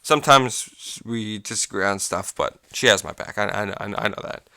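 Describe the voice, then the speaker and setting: A man's voice: fairly low pitch, normal speed, sharp tone, smooth, dry recording, clean studio sound. A young man telling work stories on a casual solo podcast, rambling, restarting sentences, swearing often and losing his train of thought. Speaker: podcast host.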